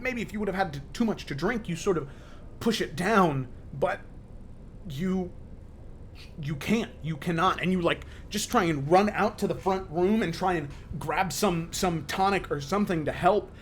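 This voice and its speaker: A man narrating a tabletop role-playing game as game master, with lively, stumbling storytelling full of fillers. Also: on the high side, slight background noise.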